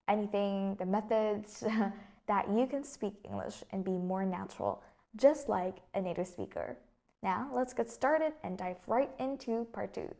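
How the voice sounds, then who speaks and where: A woman's voice: medium pitch, a little mellow. Woman, young adult, chatty English teacher, explains with examples. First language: Vietnamese. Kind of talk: casual English lesson.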